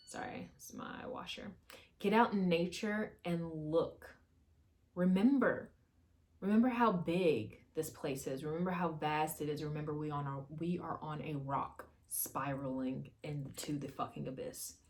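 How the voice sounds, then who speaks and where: A woman's voice: lowish voice, very noisy. Rambling woman reading tarot at home. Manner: rambling, swears, fillers, talks to spirits. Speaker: tarot reader. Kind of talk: casual channeled tarot reading. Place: home with washer running.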